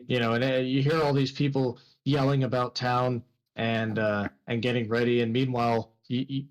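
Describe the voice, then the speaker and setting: A man's voice: medium pitch, low-quality recording. A man narrating a tabletop game as game master, rambling with many restarts and fillers.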